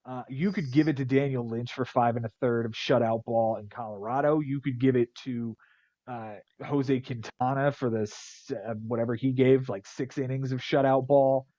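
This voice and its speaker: A man's voice: mid-range voice, fairly even intonation, moderate pace, mellow, no room sound, muffled recording. A man hosting a podcast who casually rattles off fantasy baseball stats and cracks jokes. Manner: rattles off stat lines, wisecracking. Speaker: podcast host.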